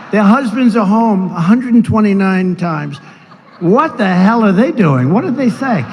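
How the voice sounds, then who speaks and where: An older man in his seventies speaks in a rather high register, wandering from story to story with casual asides and mocking impressions of others. His voice rings out into the long reverb of a large venue, with a faint wash of noise behind. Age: 70s. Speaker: political speaker at a rally. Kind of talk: rambling rally speech.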